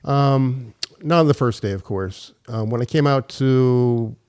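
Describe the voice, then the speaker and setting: A man's voice: medium pitch, unhurried, a little mellow, clean tone. A man speaking as a podcast guest in casual conversation, hesitant with many fillers.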